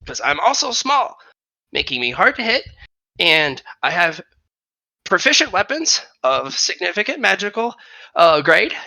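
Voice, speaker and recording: A game master voicing a small, earnest young male fighter who pitches himself eagerly with lots of fillers. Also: sing-song, unhurried, creaky, sharp tone, no echo, heavily acted, rough recording. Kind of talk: tabletop role-play voice.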